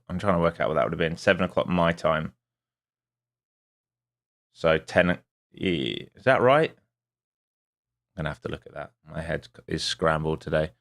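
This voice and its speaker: A man with a very low voice and a gravelly, creaky edge. He hosts a live trading stream and talks through his charts as he thinks. His delivery is casual and rambling, and he stops often to greet viewers by name or correct himself. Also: fairly bright tone. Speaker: day trader and stream host.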